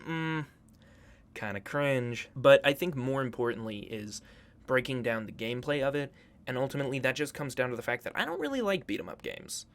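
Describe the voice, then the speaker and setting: A man's voice: medium pitch, very animated, brisk, fairly bright tone. A man hosting a casual commentary video, profane, joking and hyperbolic. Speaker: YouTube host.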